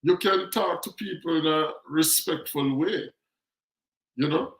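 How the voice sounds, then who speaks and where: A Jamaican man hosts a casual talk show, his voice slightly high and a bit bright as he speaks at a measured pace. Chatty and full of stories about life back home, he acts out the quotes of the people in them. The recording carries a roomy echo.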